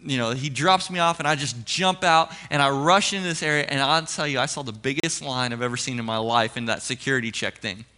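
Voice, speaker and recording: A man preaching as a pastor, telling a personal story with animated, acted-out dialogue before turning to scripture. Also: mid-range voice, brisk, hardly any pauses.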